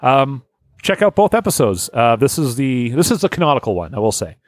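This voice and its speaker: A man's voice: medium pitch, sing-song, brisk, no echo. A man hosting a casual podcast, reading listener lists aloud, joking and laughing often. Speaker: podcast host.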